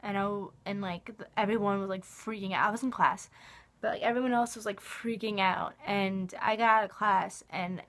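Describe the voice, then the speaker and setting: A woman's voice: mid-range voice, steady tone, normal speed, fairly bright tone. Young adult woman vlogger, rambling and emotional, chatty filler-laden delivery. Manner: rambling, emotional, heavy use of "like". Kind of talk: casual fan vlog.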